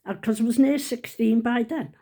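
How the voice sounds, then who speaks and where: Older woman, 70s, chatty rambling storyteller, mellow tone, laughs at herself. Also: a little high, steady tone, normal speed. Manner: chatty, rambling, self-mocking, laughs while telling. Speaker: vlogger. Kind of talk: casual storytelling.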